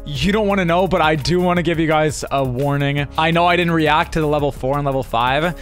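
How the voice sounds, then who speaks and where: Animated young man telling a story. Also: fairly high pitch, faint music behind. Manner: animated, rushed retelling with many restarts and acted quotes. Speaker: streamer and vlogger. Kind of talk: casual storytelling to camera.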